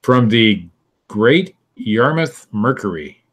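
A man's voice: fairly low pitch, very animated, takes it slowly, fairly bright tone, breathy edge. A man co-hosting a podcast in casual chat, reading strange news stories aloud in a wry way and laughing now and then. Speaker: podcast co-host.

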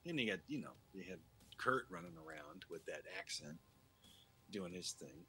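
A man co-hosting a podcast in casual chat, musing softly with halting restarts. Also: deep voice, lively intonation, a little hiss or hum. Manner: halting, soft-spoken musing. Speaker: podcast co-host.

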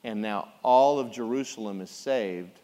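A middle-aged man preaching a sermon as a pastor, animated and jokey as he tells the story. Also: on the low side, a little slow. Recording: long reverb of a large hall.

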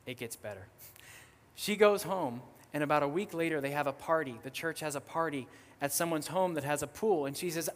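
A young man speaks as a missionary guest preacher, telling a story in a casual, lively way full of little fillers. His voice sits a bit high for a man. It rings out with the long reverb of a church hall. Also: brisk. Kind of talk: storytelling sermon. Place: church sanctuary.

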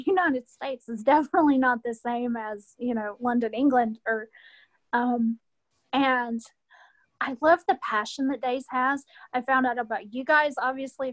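Enthusiastic woman with a higher, dry voice. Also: no echo. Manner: enthusiastic, gushing, laughs often. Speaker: guest. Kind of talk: casual podcast chat.

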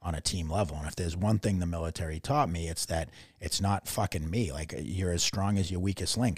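A young man with a deep, slightly husky voice recounts his army days in loose, profane podcast chat. The sound is close and dry. He jumps into bits of other people's dialogue as he goes. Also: brisk, few pauses, no room sound. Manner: profane, animated storytelling, acts out quotes. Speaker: army veteran guest. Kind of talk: casual podcast conversation.

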